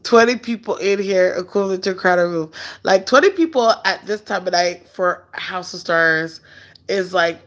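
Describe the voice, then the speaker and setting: A woman hosting a casual live stream, chatting loosely and candidly while answering viewer comments in a relaxed way. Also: on the low side. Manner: relaxed and unhurried. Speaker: livestream host.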